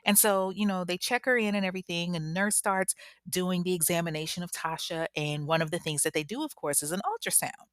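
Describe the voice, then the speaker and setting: A woman telling a true story casually, full of slang and animated asides. Her voice sits on the low side and is recorded close on a mic in a dry room. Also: fairly quick, dry recording.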